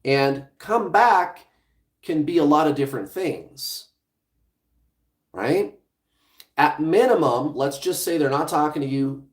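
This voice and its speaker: A man with a medium-pitched voice hosts a livestream as a relationship coach, talking straight to his viewers in a blunt, casual way and swearing now and then. The room he's in sounds echoey.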